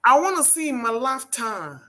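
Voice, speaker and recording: A woman's voice: sits high, very animated, brisk, fairly bright tone. Emphatic Southern American woman panelist. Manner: emphatic, rising into laughing outbursts. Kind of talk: live panel debate.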